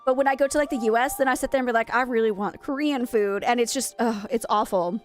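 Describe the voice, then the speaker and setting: A woman's voice: on the high side, fast talker, soft background music. A young woman from Maine chatting casually with viewers while she streams a game, wistful and rambling, often correcting herself mid-sentence. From USA (Maine).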